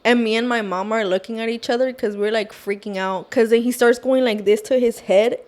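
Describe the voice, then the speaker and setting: A woman's voice: a little high, brisk. Chatty woman telling a story. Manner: animated, fillers like "like" and "oh my gosh". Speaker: podcast guest. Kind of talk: casual storytelling.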